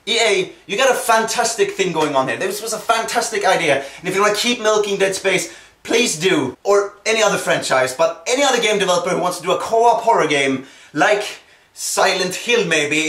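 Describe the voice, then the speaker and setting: A young man from Sweden with a Swedish accent, gushing and swearing through an excited rant about a co-op game. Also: high voice. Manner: animated, swears a lot, gushing. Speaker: video game ranter. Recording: echoey room, distant from mic.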